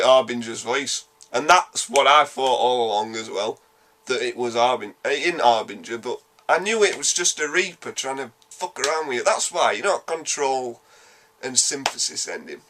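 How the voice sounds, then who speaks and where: Speaking at a medium pitch, a man from Yorkshire, England reviews a game in a relaxed, spoken way. His delivery is lively and blunt, full of swearing, as he races rambling from point to point.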